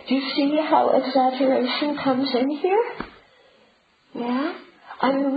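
Lively woman giving a spiritual talk. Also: sits high. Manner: conversational, often checks in with listeners. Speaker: Buddhist teacher. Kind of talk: dharma talk. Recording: roomy, dull and noisy.

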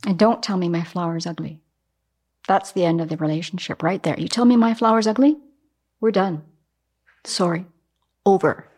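A woman teaching Buddhism in a dharma talk, animated and acting out everyday examples. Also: fairly low pitch, normal speed, long pauses, breathy edge.

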